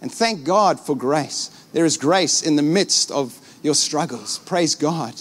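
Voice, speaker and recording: A middle-aged male pastor delivers an animated sermon, acting out scenes as he goes. His voice sits fairly high for a man. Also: slow. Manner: animated preaching, acts out scenes.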